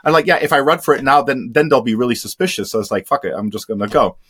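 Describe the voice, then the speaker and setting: Man, young adult, casual storytelling, blunt, lots of "like", mid-pitched voice. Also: fast talker, a bit bright, breathy edge. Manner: candid, swears freely, many fillers. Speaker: interview guest.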